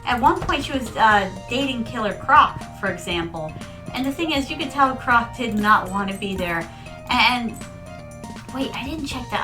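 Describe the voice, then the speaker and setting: A woman's voice: on the high side, animated, normal speed, bright, forceful tone, faint music behind, low-quality recording. A woman Vtuber streamer chatting casually and rambling through stories while playing, calling her viewers her darlings. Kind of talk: casual gaming livestream chat.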